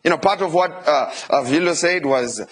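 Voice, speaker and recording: A male pastor preaching a lively sermon, often turning to the congregation with asides and questions. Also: on the high side, moderate pace.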